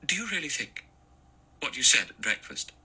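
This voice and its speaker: A man's voice: medium pitch, very animated, moderate pace, pushed and bright, slightly rough, pitched above the performer's own voice, full character voice. A man voicing a frightened young woman in an audiobook, speaking in a raised, breathless, pleading voice. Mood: panicky. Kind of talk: audiobook character voice.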